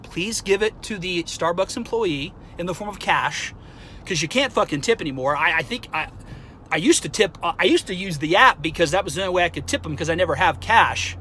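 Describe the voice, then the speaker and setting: High-voiced man in a profane rant. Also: slight background noise, low-quality recording. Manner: profane, heated ranting that flares up and then calms. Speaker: vlogger. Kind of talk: angry rant to camera.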